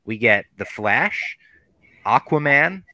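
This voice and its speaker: A man hosting a podcast, retelling a TV episode in a loose, animated, profane way. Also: mid-range voice, takes it slowly, no echo. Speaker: podcast host. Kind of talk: casual podcast recap.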